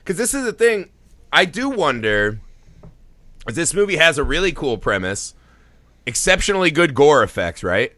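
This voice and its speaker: A man's voice: on the high side, moderate pace, long pauses, no room sound. A man co-hosting a film podcast, talking casually and with energy, swearing freely and laughing often. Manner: animated, profane, laughs often. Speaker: podcast co-host.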